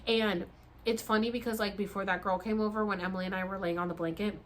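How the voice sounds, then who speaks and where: Animated woman telling a story. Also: medium pitch, fast, slight background noise. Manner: animated, acts out the dialogue. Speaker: vlogger. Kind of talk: casual storytelling.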